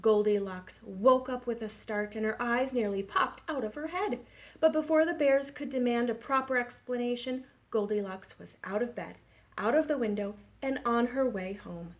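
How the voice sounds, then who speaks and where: A woman children's librarian leading story time, gentle and expressive. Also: a little high, moderate pace. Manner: gentle, expressive, engaging kids.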